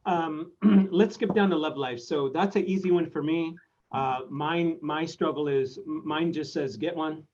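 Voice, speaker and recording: A man's voice: on the high side, darkish tone. Chatty male host with a raised voice, muffled lo-fi call sound. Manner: easygoing, chatty, halting. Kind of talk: casual interview chat. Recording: dull lo-fi call audio.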